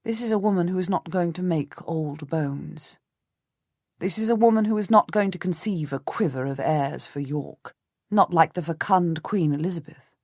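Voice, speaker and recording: A woman narrating a historical audiobook in the first person, measured and composed. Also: lowish voice, darkish tone, dry recording, studio quality.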